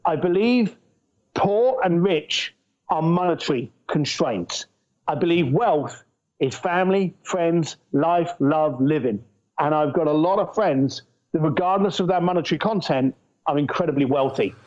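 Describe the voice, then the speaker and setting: A middle-aged man from England, a guest entrepreneur telling anecdotes in an animated, storytelling way. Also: fairly high pitch, unhurried. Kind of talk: casual storytelling interview. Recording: muffled lo-fi audio.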